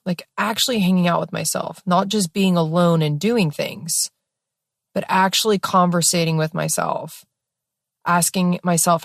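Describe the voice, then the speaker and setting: A young woman speaks with a lowish voice, telling her own story loosely and expressively, full of fillers and the odd swear word. She is recorded close and dry, with no room sound. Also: vocal fry, no echo. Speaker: podcast host. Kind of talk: personal storytelling.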